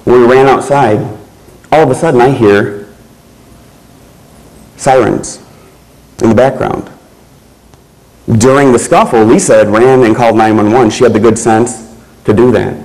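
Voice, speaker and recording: Man telling a personal story, measured. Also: mid-range voice, steady tone, a little mellow, poor audio. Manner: slow, measured storytelling with pauses. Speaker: keynote speaker.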